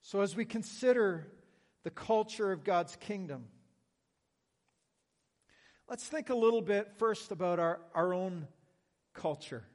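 Canadian man, Canadian accent, sermon, unhurried delivery, reverberant hall. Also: high-pitched, expressive. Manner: earnest, conversational, with self-deprecating humor. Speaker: pastor.

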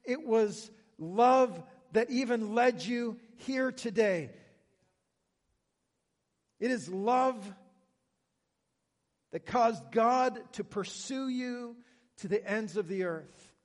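A man's voice: very high-pitched, drawn-out words, pauses often, in a large hall. A Canadian man with a Canadian accent, preaching a sermon in an earnest, conversational way with self-deprecating humor. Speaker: pastor.

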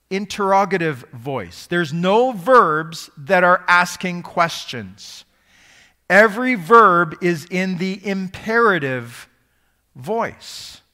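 A man's voice: sits high, bright, forceful tone, in a large hall. A man preaching a sermon to a live congregation, teaching in a conversational way and quizzing the audience.

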